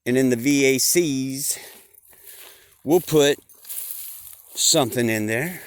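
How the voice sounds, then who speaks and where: A man's voice: mid-range voice, slow pace, no room sound, close to an everyday voice. A man voicing cold scheming male plotters. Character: scheming male planners plotting to control people.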